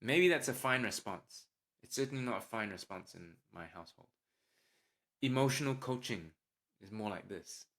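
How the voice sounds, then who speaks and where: Male podcast host, lowish voice, calm explainer who brightens when voicing example parent lines. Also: moderate pace.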